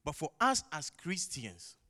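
In a church hall with the long echo of a large space, a man with a non-native English accent preaches emphatically, putting rhetorical questions to the congregation and repeating key phrases. His voice is fairly high and sing-song, pushed and bright, delivered at a measured pace.

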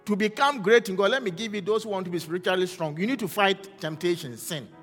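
A man preaching a fervent sermon as pastor, rising to shouts and asking the congregation questions. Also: high-pitched, fast, big-room sound, faint music behind.

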